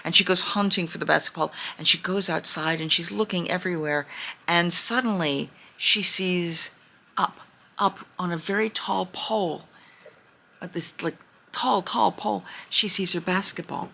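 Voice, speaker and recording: A young adult woman spins an improvised fairy tale as a storyteller, chatty and rambling, often circling back on her words. Her voice is bright and forceful, with a gravelly, husky texture. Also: lowish voice, normal speed. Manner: rambling, chatty, with frequent restarts.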